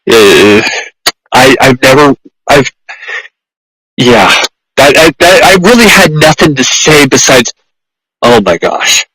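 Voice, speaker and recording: A man hosting a podcast, speaking effusively and haltingly with many repeated words. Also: mid-range voice, a bit bright, slight background noise, rough recording. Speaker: podcast host, pet groomer. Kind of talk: conversational interview.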